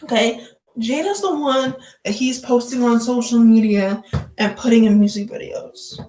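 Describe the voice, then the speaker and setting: A woman's voice: a little high, normal speed, mellow, reverberant, soft background music, rough recording. A woman vlogger giving casual gossip commentary, blunt, profane and joking, full of "like" fillers.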